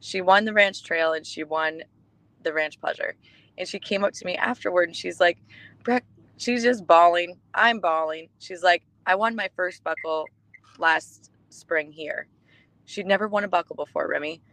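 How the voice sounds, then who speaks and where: A woman co-hosting a podcast, telling stories in casual chat, warm and emotional, with many restarts. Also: on the low side, normal speed, no room sound, rough recording. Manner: chatty storytelling with restarts, emotional. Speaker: podcast co-host.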